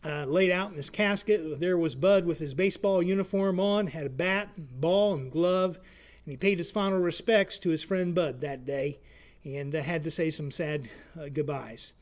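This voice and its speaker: A male community educator presents and tells a story in a casual, folksy manner, often pausing on fillers. His voice sits high for a man. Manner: friendly, folksy, frequent filler words.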